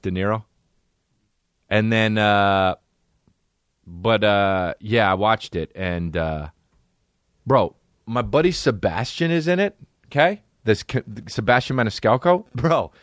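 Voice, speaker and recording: A man's voice: on the low side, slow pace, pauses often, no room sound, clean studio sound. A man hosting a comedy podcast, rambling and cursing through a casual solo monologue. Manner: rambling, profane, full of impressions. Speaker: podcast host.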